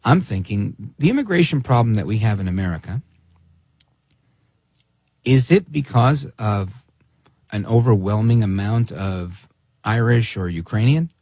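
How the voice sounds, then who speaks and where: A male talk radio host with a lively, swinging delivery and a gravelly, husky voice. He talks in a sarcastic, opinionated way. The sound is dry and close. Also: fairly low pitch, unhurried, long pauses, no echo. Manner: animated and sarcastic, mimics people in quoted asides.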